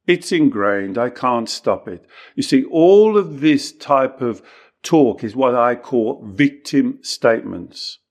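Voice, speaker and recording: A man's voice: lively intonation, slow, a little mellow. A man working as a life coach, explaining ideas emphatically in a podcast conversation and repeating key phrases to drive them home. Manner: emphatic, acts out clients' excuses in a higher voice. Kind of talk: teaching talk in a podcast conversation.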